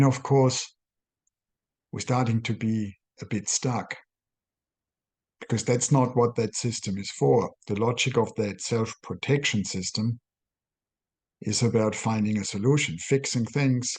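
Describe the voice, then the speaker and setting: Husky middle-aged male psychologist, mid-pitched, calm halting explainer. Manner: measured, halting delivery in short phrases with self-corrections. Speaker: clinical psychologist. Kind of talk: explanatory talk to camera.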